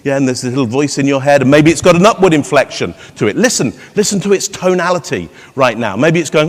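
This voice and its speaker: A man's voice: fairly high pitch, lively intonation, brisk, hardly any pauses. A man giving a live conference keynote, playful and teasing the audience with rhetorical questions. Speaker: keynote speaker. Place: large conference hall. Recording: long hall reverb.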